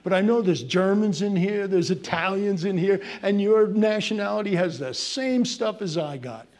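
Guy preaching a sermon, bit higher voice, gets loud then goes real quiet. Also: moderate pace. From Irish heritage. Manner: passionate preaching, swinging from loud to hushed. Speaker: pastor.

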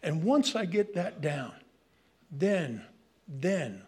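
An older man with a New York accent, preaching a sermon in an animated, joking way that turns into rants. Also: a little high, extremely slow, breathy edge. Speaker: pastor.

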